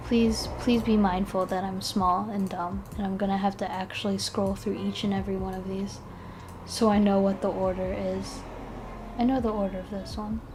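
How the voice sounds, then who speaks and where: Yawning and worn out, a woman streams casually, talking and muttering to herself as she works in a self-deprecating way. She has a mid-range, slightly mellow voice, with a little hiss or hum in the audio.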